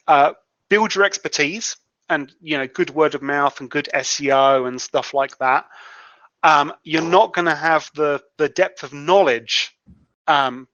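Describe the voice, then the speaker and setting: A man's voice: fairly high pitch, fairly bright tone, dry recording. Man talking in a dull lo-fi recording. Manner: explanatory, with frequent restarts. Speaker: guest freelance writer. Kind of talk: podcast interview answers. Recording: dull lo-fi sound.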